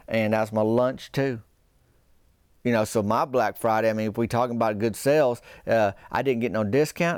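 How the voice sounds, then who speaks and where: A man's voice: medium pitch, smooth, no room sound, studio quality. Folksy rambling man. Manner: folksy, meandering, self-deprecating, with dialect grammar. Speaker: podcast host. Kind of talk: rambling comic storytelling.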